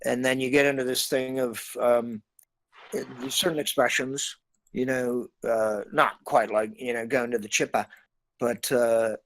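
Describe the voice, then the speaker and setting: A middle-aged Canadian man, an actor being interviewed, talking in a rambling, animated way and slipping into other accents. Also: medium pitch, a little slow, no echo, poor audio. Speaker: actor guest. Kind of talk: casual interview chat.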